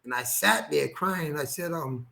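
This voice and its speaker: A man telling a personal story as an interview guest, animated, acting out quoted dialogue and laughing often. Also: fairly high pitch, measured pace, vocal fry. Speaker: guest, former boxer.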